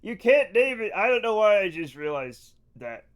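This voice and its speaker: A man streaming a video game live, chatting to viewers in an excitable way with loud bursts of enthusiasm. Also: high voice, moderate pace.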